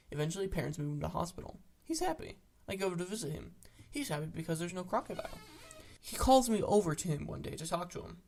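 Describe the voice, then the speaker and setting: Deadpan narrator reading greentext stories. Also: mid-range voice, gravelly. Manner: deadpan, matter-of-fact, casual swearing. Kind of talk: reading internet stories aloud.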